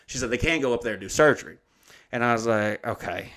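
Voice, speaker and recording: A man's voice: medium pitch, fast talker, a bit bright. A man with a mid-range voice tells rambling comedic stories on a podcast. He swears freely and slips into quoted dialogue as he acts out everyone in the tale. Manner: profane, rambling anecdotes acting out quoted dialogue. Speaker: podcast co-host. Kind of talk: comedic storytelling chat.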